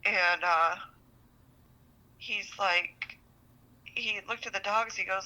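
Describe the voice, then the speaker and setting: A woman with a very bright, piercing voice pours out a personal relationship story as a podcast guest. She vents with frustration and swears freely. Her pitch sits in a middling range. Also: fairly even intonation, unhurried, long pauses, low-quality recording. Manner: venting, frustrated, heavy swearing. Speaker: guest seeking relationship advice.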